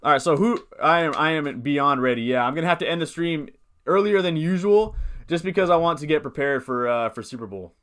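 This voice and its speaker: This young man's voice is fairly high and fairly bright, running a little fast. During a live stream he chats casually about fantasy football teams, reading chat and thinking aloud in a rambling, upbeat manner, with hiccups throughout.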